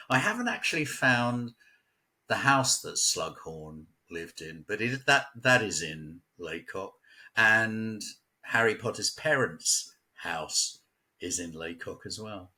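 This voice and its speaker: Speaking slowly in a low register, this man sounds animated, bright and forceful. He's an English local guest telling stories and laughing a lot in a relaxed chat at home near a village.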